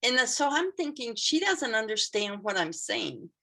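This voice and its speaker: Older woman storyteller, gravelly texture, candid and self-deprecating delivery. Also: fairly high pitch, sing-song, normal speed, sharp tone. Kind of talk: personal storytelling.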